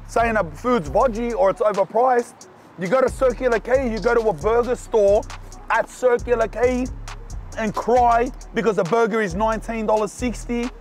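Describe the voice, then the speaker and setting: A young man with a Sydney accent reviewing burgers in a casual vlog, talking in loud slangy banter. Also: moderate pace, faint music behind. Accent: Australian, Sydney. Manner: loud slangy banter, animated swings in pitch. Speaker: food reviewer and vlogger. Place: outdoors and in burger shops around the city.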